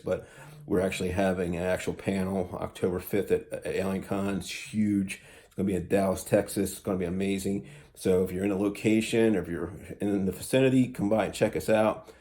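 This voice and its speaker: Guy w a low mellow voice rambling thru a quick goodbye message, lots of uhs. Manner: rambling, many fillers and restarts. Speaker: guest sending a recorded message. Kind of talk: casual recorded farewell message.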